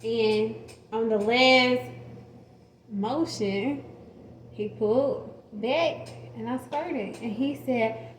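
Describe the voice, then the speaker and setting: A woman's voice: high voice, takes it slowly, long pauses, slight background noise. A woman telling a personal story to camera in a casual, frank and profane way, laughing often. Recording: roomy echo.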